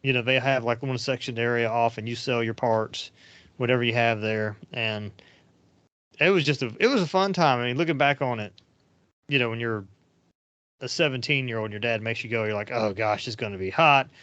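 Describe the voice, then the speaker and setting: The man hosting this podcast talks a little fast in a mid-range, fairly bright voice, rambling through anecdotes with frequent fillers. It's a casual chat captured on a dry recording with dull, lo-fi sound.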